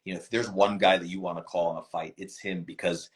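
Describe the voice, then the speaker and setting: A man with a fairly low voice, guesting on an interview and telling stories with lively, emphatic energy. He talks casually and leans hard into his points. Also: fast. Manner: animated, emphatic storyteller.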